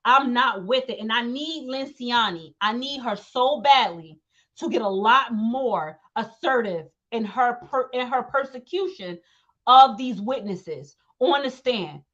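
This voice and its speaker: A woman's voice: on the high side, expressive, measured pace, fairly bright tone, muffled recording. A young woman hosting an opinionated commentary rant, emphatic and repetitive, often acting out quotes. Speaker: commentary channel host.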